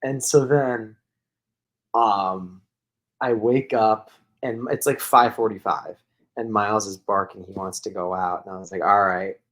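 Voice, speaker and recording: A man's voice: fairly low pitch, fairly even intonation, measured pace, a bit bright. A man co-hosting a podcast, telling a long casual story that rambles, full of "like" fillers. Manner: rambling, heavy use of "like", laughs while telling. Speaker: podcast co-host.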